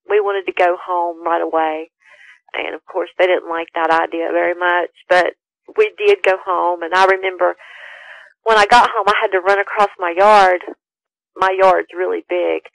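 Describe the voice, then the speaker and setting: Gravelly woman telling a scary story. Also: fairly low pitch, a bit bright, no echo, rough recording. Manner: halting, emotional storytelling. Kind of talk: recounting a frightening personal encounter.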